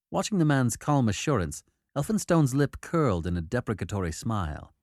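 A male audiobook narrator with a lively, rising-and-falling delivery that keeps the story moving. He does the characters' voices himself, recorded close and dry with no room sound. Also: mid-range voice, a little fast, dry recording. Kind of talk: audiobook narration of a period novel.

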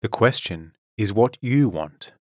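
A man reading a storybook, voicing a condescending female tempter who coaxes slowly and then commands. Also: fairly low pitch, lively intonation, husky, no echo, studio quality, pitched above the performer's own voice. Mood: coaxing. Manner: slow, coaxing, then commanding. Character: scheming woman tempter, silky and condescending.

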